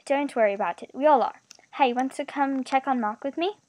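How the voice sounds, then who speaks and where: A woman voicing a kind young man who talks softly and reassuringly to an injured friend. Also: sits high, a little fast, no room sound, natural voice. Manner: soft, reassuring. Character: gentle kindly young man, a caring friend.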